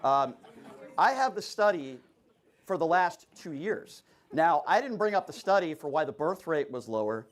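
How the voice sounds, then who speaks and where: A man in an online debate, calmly explaining his position with some hesitation. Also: on the high side, normal speed. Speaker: debate opponent.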